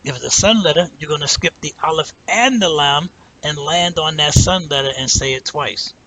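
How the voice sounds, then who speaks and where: A man teaching a language lesson, explaining step by step, drawing out example words slowly and checking in with "right?" as he goes. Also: a little high, sharp tone, a little hiss or hum, low-quality recording. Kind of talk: patient spoken lesson.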